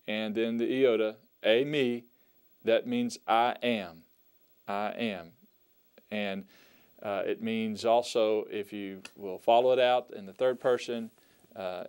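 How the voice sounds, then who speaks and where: A man teaches a recorded Greek lesson in a smooth, resonant voice at a middle pitch. He speaks slowly and deliberately and says each word and its meaning twice. He explains patiently, the way a teacher walks students through vocabulary. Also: darkish tone. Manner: slow, deliberate, repeats words for emphasis.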